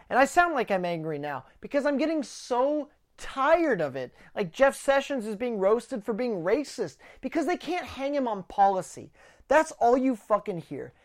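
A woman's voice: on the high side, big pitch swings, moderate pace. A woman hosting a podcast, delivering heated political commentary full of swearing and stumbling, repeated words. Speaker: podcast host.

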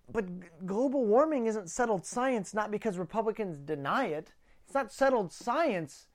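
A woman's voice: lowish voice, a little mellow. A woman hosting a podcast, delivering heated political commentary full of swearing and stumbling, repeated words. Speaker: podcast host.

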